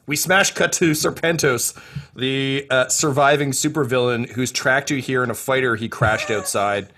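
A man's voice: medium pitch, fairly even intonation, normal speed, pushed and bright. A man narrating as game master of a tabletop role-playing game, rambling with many fillers.

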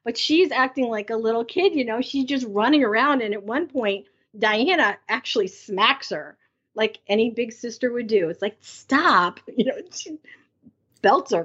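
A middle-aged woman with a husky, fairly high voice talks casually as a podcast co-host, with lots of fillers. The recording sounds dull and lo-fi. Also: lively intonation, moderate pace. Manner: conversational, many fillers. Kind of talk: casual recap chat.

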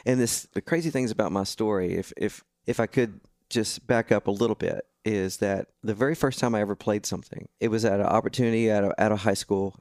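Man, animated storyteller; quotes others in put-on voices; dry studio sound. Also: fairly low pitch, no room sound. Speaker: guest musician. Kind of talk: storytelling in casual chat.

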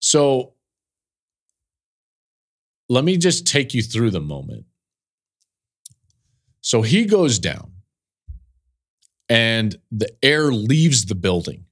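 A man's voice: medium pitch, very animated, very slow, long pauses. A middle-aged man hosting a football podcast, telling an emotional story in an earnest way that builds in intensity. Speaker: college football analyst and podcast host.

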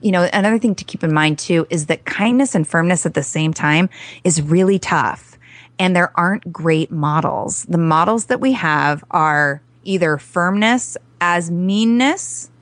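A woman's voice: lowish voice, measured pace, no room sound. A woman parent coach talking earnestly in a podcast interview, telling stories with acted-out quotes.

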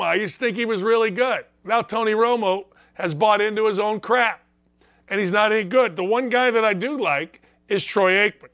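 High, bright-voiced ranting radio man. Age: middle-aged. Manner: blunt, ranting, sarcastic. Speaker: sports radio host. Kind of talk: opinionated sports talk radio monologue. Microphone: studio microphone with earpiece.

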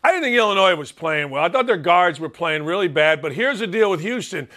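A man's voice: sits high, animated, fairly quick, bright, forceful tone. A man from Northwest Indiana with a Chicago accent, delivering a blunt, brash sports talk monologue as host and mocking himself freely.

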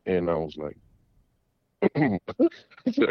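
A man's voice: low voice, huge pitch swings, no echo. Middle-aged male caller, dull lo-fi call. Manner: rambling, halting, with many restarts and fillers. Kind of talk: casual storytelling. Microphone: phone call.

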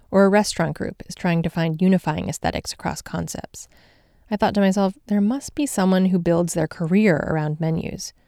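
Brief: female podcast host, mellow and warm tone, polished scripted narration, dry booth sound. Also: on the low side, dry recording.

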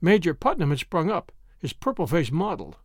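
A man narrating a story as an audiobook in a measured manner. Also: on the high side, sing-song, no room sound, clean studio sound. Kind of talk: audiobook reading.

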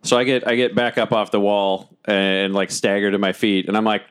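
A man playing a cleric in a tabletop role-playing game, talking in an animated, profane way and laughing often. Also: lowish voice, brisk, clean tone. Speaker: player. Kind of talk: tabletop role-play in character.

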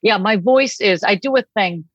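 A woman from Boston, a comedian chatting as a podcast guest, with an old-fashioned 1940s-style voice and an animated storytelling manner, on a slightly dull lo-fi recording. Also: mid-range voice, moderate pace, dry recording. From Boston, USA. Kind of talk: casual interview chat.

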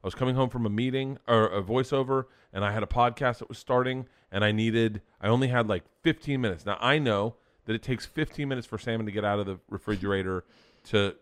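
A middle-aged man, a podcast guest, chatting casually and telling rambling, profane stories. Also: mid-range voice. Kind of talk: casual chat.

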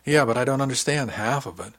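A man voicing a young male crewman who is anxious, self-critical and quick to blurt things out. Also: mid-range voice, lively intonation, a bit bright, no room sound, pitched above the performer's own voice. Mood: flustered.

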